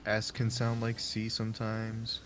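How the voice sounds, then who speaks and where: A man's voice: fairly low pitch, completely flat delivery, measured pace, background noise. A man chatting casually on a live stream, swearing freely and laughing often. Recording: music playing loudly behind.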